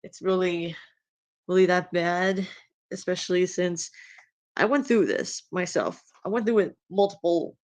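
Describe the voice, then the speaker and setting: A woman's voice: lowish voice, a little slow, a little mellow. Rambling outspoken woman with a Spanish accent. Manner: rambling, with many fillers and restarts; outspoken and exasperated. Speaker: streamer. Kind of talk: casual rambling commentary while reading fan fiction.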